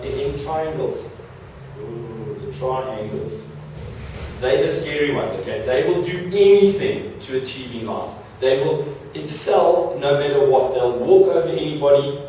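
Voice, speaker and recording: Guy doing a motivational stage talk, kinda highish voice, cracks jokes and trips over his words, big boomy hall, mic far off. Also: warm tone, slight background noise. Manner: playful, joking, repeats words in quick restarts. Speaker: motivational speaker. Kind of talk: stage talk with audience interaction. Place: large hall before an audience.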